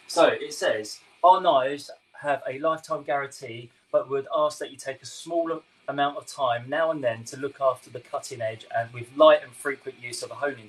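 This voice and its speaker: A young chef with a London-tinged English accent chats and laughs with viewers during a live cooking stream, answering their comments and laughing often. His voice is medium-pitched, and the recording is rough.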